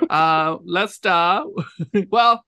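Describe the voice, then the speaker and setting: A man's voice: high-pitched, drawn-out words, pushed and bright. A man co-hosting a podcast in casual chat, joking and laughing often. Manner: jokey, laughs often, does episode recaps. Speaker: podcast co-host.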